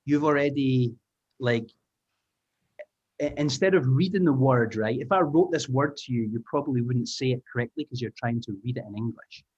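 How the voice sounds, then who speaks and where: A man teaching an online language lesson, lively and encouraging, explaining sounds patiently. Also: medium pitch, moderate pace, husky, dull audio. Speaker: teacher trainer. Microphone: video call.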